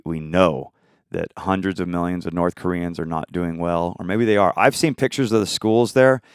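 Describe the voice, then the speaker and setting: Guy ranting and swearing at his stream, lowish voice, dry close sound, loud then mumbling. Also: clean tone, no echo. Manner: heated, profane, swings between shouting and muttering. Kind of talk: angry unscripted rant.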